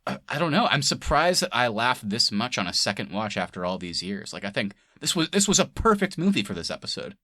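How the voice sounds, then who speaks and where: Podcast co-host, male, bright lively voice, dry close mic, loose and laughing. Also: medium pitch, a little fast, hardly any pauses, dry recording. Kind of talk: casual movie-review chat.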